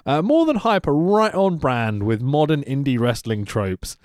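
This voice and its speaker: A man co-hosting a wrestling podcast in casual chat, swearing freely, laughing often and rambling quickly. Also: medium pitch, big pitch swings, a little mellow, no room sound, studio quality.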